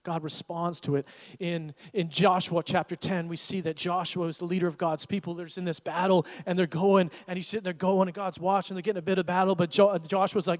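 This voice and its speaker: A man preaching a sermon as pastor, animated and acting out the voices of Bible figures. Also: sits high, brisk, big-room sound.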